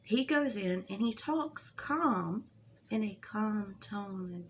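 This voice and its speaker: An angry woman venting in a casual commentary vlog, blunt and full of swearing. Her voice sits at a middle pitch and her delivery is frustrated. There is faint noise in the background. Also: takes it slowly. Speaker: drama commentary YouTuber.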